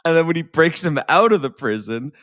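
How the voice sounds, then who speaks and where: A man's voice: fairly high pitch, lively intonation, a little fast, a bit bright, no room sound. A man with a mid-range voice retells scenes from a movie, rambling, cursing and cracking himself up. He loses his thread now and then and circles back. The recording is close and dry. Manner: rambling, swears, loses his place, laughs at his own retelling. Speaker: podcast co-host. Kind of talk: casual film review chat.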